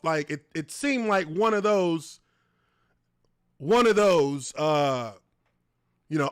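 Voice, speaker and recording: A man's voice: fairly high pitch, measured pace, no echo, studio quality. A man hosting his own show, giving casual, profane commentary on a video clip and talking straight to viewers. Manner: profane, animated, talks to viewers. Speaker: show host.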